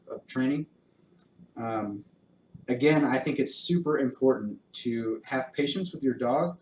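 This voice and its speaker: A man working as a dog trainer, calmly explaining training steps in a clear, encouraging way during a live demonstration. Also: medium pitch, distant mic, slight background noise. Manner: calm, encouraging, explains step by step. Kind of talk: instructional talk with live demonstration. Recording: roomy echo.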